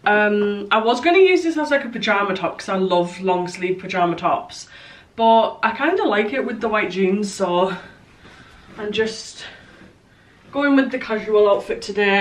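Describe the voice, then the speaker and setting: A young British woman chatting to the camera in a casual vlog, rambling and a bit nervous and out of breath. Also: medium pitch. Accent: British English. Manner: chatty, rambling, self-deprecating. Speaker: vlogger.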